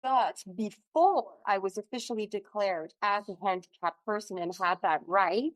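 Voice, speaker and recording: A woman's voice: medium pitch, moderate pace, no room sound, poor audio. Woman guest, dry and close. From France. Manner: earnest, questioning, with restarts. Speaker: podcast guest. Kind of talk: casual podcast conversation.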